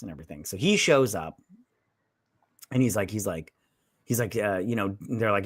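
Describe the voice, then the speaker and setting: A man's voice: on the low side, expressive, brisk, no echo, clean studio sound. Rambling man reviewing a movie. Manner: rambling, retells scenes with quoted lines. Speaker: podcast co-host. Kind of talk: casual movie review chat.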